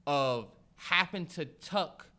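Animated, high-voiced man ranting profanely. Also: takes it slowly. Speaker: podcast co-host. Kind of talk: casual podcast chat.

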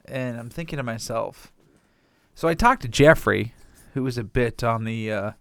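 A man chatting on a podcast, his pitch swinging widely as he tells stories. He swears freely and sounds animated. The recording is dry and close. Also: normal speed, vocal fry, clear, resonant tone, no room sound. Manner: profane, animated storytelling with frequent laughs. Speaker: podcast co-host. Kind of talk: casual podcast chat.

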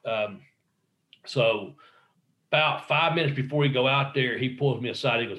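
A man's voice: medium pitch, normal speed, pauses often, pushed and bright, lo-fi sound. A middle-aged man, a guest in an interview, telling a rambling story with swearing and quoted dialogue. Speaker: guest, wrestler. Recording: roomy echo.

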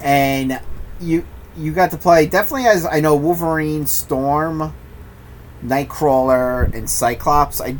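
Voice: medium pitch, unhurried. A laid-back podcast co-host with a mid-range voice, rambling through memories of retro games. Faint background noise sits under the talk. The delivery trails off and swears casually. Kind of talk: casual chat about retro video games.

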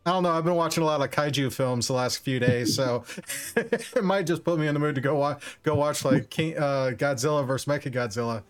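A man hosting a livestream, chatting casually in a soft-spoken, self-effacing way. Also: a little high, fairly quick, clear, resonant tone. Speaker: streamer host. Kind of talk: casual chat. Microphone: streaming setup.

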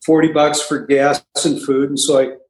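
A man's voice: on the high side, little pitch movement, moderate pace. A man casually telling his recovery story, with wry, self-mocking humor and frequent asides. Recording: echoey room.

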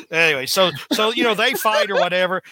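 A man's voice: high-pitched, sharp tone, no room sound. A man co-hosting a casual show on a video call, rambling through a comic plot with lots of fillers and restarts. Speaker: podcast co-host retelling a comic. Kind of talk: casual chat. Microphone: webcam.

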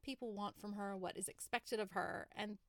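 A woman co-hosting a casual film discussion. She talks in an animated way, with laughter and quick asides. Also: mid-range voice, no echo. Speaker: podcast co-host.

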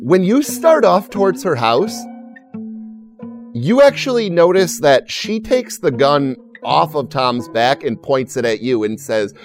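A man narrating as game master in a relaxed, conversational way, his voice a touch high. Soft background music plays under the talk. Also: unhurried.

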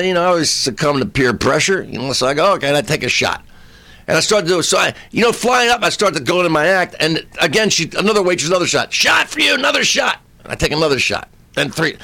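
A man in his sixties, a comedian, telling a comic anecdote in an animated way. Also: on the high side, fast talker. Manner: animated storyteller, acting out voices. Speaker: comedian guest.

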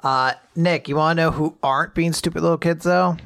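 A podcast co-host making relaxed, amused comments in casual chat. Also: medium pitch, brisk, creaky.

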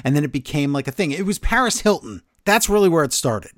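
Animated, ranting man podcast host. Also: a little high, no echo, studio quality. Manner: animated, exasperated ranting with quick asides. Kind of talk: casual wrestling podcast chat.

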